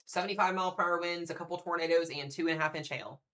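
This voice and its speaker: A young severe weather livestream host speaks very fast in a fairly high, steady voice with a bright, forceful tone. During his live coverage he talks casually, thinking aloud over the radar and calling out to viewers.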